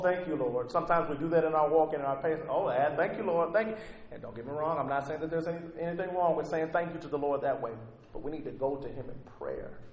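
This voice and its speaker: A man's voice: fairly high pitch, gravelly, a little mellow, slight background noise. A man preaching a sermon and reading scripture aloud, rising with fervor on quoted prayers. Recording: echoey hall with faint ambience.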